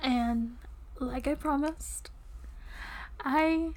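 A young woman in an intimate audio role-play, breathless and giggly, often dropping to a soft whisper. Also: fairly high pitch, fairly even intonation, slow, long pauses.

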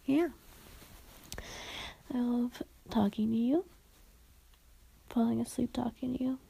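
A young woman speaks in a whispered role-play, soft and tender, reassuring the listener and giggling often. Her voice sits a little high, with a husky, breathy edge and a gravelly catch. She takes her time over every word. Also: poor audio. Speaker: ASMR performer.

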